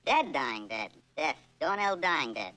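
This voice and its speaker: An actor playing a fussy middle-aged children's TV host, theatrical and melodramatic, in 1960s film acting. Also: male voice, a little high, sing-song, measured pace, sharp tone, exaggerated voice. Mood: exasperated. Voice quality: theatrical, exclamatory, melodramatic despair. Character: frantic, fussy male kiddie-show host, middle-aged. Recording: noisy old film soundtrack.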